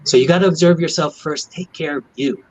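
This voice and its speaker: A man's voice: a little high, fairly quick, a little mellow, low-quality recording. A man who is a doctor, talking on a video panel and telling a personal story in an earnest way. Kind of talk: video call chat.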